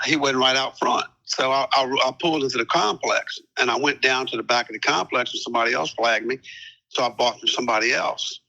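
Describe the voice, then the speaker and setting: An older man tells his story in a calm, unhurried way, leaning on fillers and repeated words. His voice is gravelly and strongly forceful, with a bright, tense edge. He speaks as a guest in an interview. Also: medium pitch, poor audio. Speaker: guest, retired police captain.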